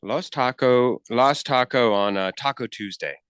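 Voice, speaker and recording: A man's voice: medium pitch, measured pace, fairly bright tone, clean tone, dry recording, clean studio sound. A man co-hosting a casual sports radio show, filling his talk with "like" and hedges. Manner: filler-heavy, hedging with "like". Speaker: radio co-host.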